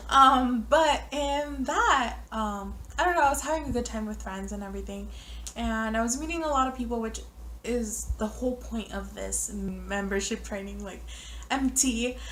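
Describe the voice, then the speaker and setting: A young woman from the United States telling a story to the camera in a chatty way, heavy on fillers, now and then dropping into hushed asides. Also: on the high side, slight background noise. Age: young adult. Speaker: vlogger. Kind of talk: casual storytime.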